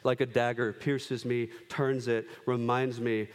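A man in his thirties preaching a sermon, animated, acting out quick voices of kids and himself. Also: mid-range voice, smooth. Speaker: pastor. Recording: long hall reverb.

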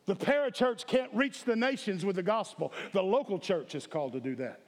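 A man's voice: high voice, very animated, a little fast. A man preaching a sermon as pastor, emphatic and calling for responses from the congregation. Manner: emphatic, calls for audience response. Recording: echoey hall with long reverb.

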